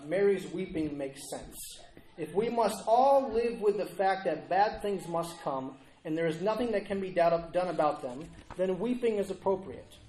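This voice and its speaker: An earnest male preacher delivering a sermon, pressing the congregation with repeated rhetorical questions. His voice sits a little high for a man. It rings out in a roomy church hall. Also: mellow.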